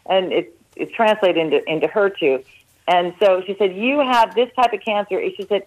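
A woman's voice: medium pitch, moderate pace. Woman telling her story over a phone line. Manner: earnest, animated retelling with quoted dialogue. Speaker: caller. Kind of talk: telling her own story on a call-in radio show.

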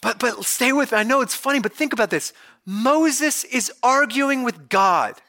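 A male pastor giving a conversational, animated sermon, retelling scripture as a story. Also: extremely high pitch, normal speed.

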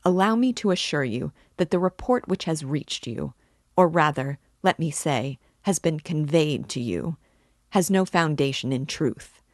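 A woman reading as a pompous, supercilious gentleman. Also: low voice, animated, unhurried, dry recording, clean studio sound, exaggerated voice. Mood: indignant. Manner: supercilious and stiffly formal. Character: pompous, touchy middle-aged gentleman suitor.

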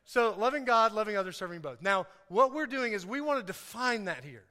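High, bright-voiced male preacher. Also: fairly quick. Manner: lively, joking, calls for audience response. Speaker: pastor. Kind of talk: sermon. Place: church hall. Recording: echoey hall.

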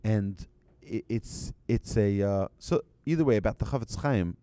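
Mellow and fairly low in pitch, with no room sound, a religious teacher shares a story before an audience. His talk is conversational and halting, marked by restarts and light remarks aimed at listeners.

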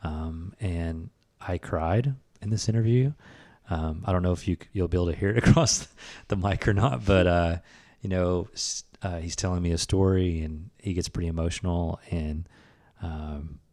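A man's voice: low-pitched, normal speed, few pauses, a little mellow. A man in his thirties hosting a podcast, talking in an enthusiastic, rambling way with lots of fillers. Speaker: podcast host. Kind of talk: casual interview chat.

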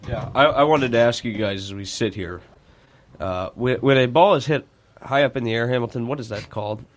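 A man's voice: medium pitch, fairly quick. Rambling male sports radio host. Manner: rambling, joking, many restarts. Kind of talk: casual studio sports talk.

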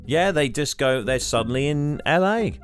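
A man's voice: a little high, lively intonation, normal speed, faint music behind. A man co-hosting a podcast in casual chat, recounting a film scene by scene and laughing now and then. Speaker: podcast co-host.

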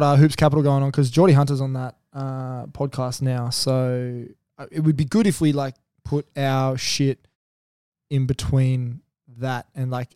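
Blunt, sweary podcast host. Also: male voice, medium pitch, darkish tone, clear, resonant tone, no room sound, studio quality. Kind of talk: casual banter.

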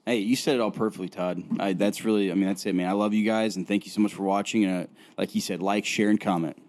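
Lower voiced guy cohosting a podcast, talks quick, agreeable and easygoing. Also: fairly even intonation, a little mellow. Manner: agreeable, brief affirmations. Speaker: podcast co-host. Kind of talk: casual podcast chat.

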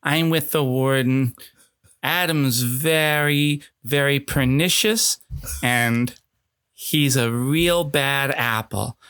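A man voicing a prim, earnest, naive man who speaks slowly, deliberately and properly. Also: mid-range voice, fairly bright tone, clean tone, no echo, studio quality, voice pushed up.

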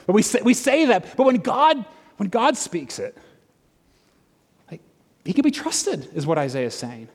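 A middle-aged man preaches in a loose, conversational way, full of fillers and quick restarts. His voice sits high for a man. The sound rings with the long reverb of a large church hall. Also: huge pitch swings. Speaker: pastor. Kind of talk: sermon.

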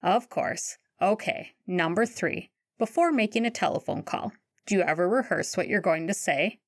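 A woman's voice: medium pitch, lively intonation, normal speed, no echo. A woman reading a wry, bookish teenage wizard boy. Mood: dry. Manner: dry, teasing.

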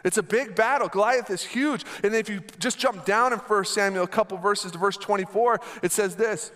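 A man's voice: high voice, moderate pace, few pauses, a bit bright. A man delivering an emphatic sermon as pastor, repeating lines and asking the congregation to answer back. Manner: emphatic, repetitive, call-and-response.

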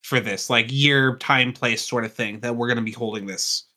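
A man pitching his character as a player, in casual, rambling talk full of "like". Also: steady tone, normal speed, sharp tone. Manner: rambling, many fillers like "like". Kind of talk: casual podcast chat.

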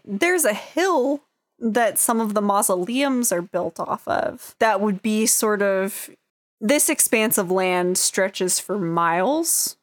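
Casting: easygoing young woman game master, relaxed narration, close and dry. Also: mid-range voice, no room sound. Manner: casual, easygoing, uses fillers like "like". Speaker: dungeon master.

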